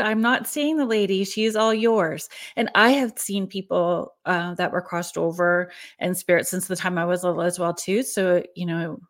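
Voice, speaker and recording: A woman in her forties hosting a show, reading viewer comments and telling a personal story in a casual, friendly way. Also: on the low side. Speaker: podcast host.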